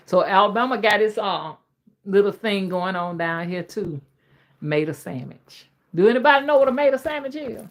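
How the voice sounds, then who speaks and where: A middle-aged woman with an old Southern drawl hosts a livestream, chatting casually, reading out viewer comments and laughing easily. Her mid-range voice is animated, her pace is measured, and she takes long pauses.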